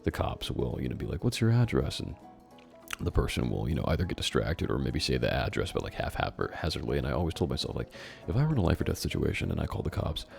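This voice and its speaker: Host reading his old story: deep, dark, gravelly voice with wild swings in pitch; faint music underneath. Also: sing-song, fast. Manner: sarcastic, amused asides. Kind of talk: dramatic reading with comic commentary. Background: faint background music.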